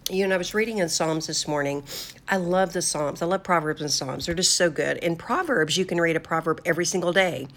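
Low-voiced earnest woman, devotional host. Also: fairly quick, fairly bright tone. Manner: earnest and conversational, with fillers and restarts. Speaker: host of a faith talk show. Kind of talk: devotional talk to listeners.

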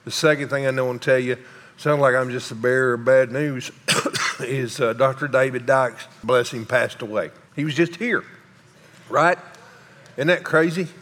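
A man, a pastor speaking haltingly and emotionally to his congregation, often pausing and sighing. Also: mid-range voice, a bit bright. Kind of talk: emotional sermon announcements. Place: large church sanctuary. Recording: long hall reverb.

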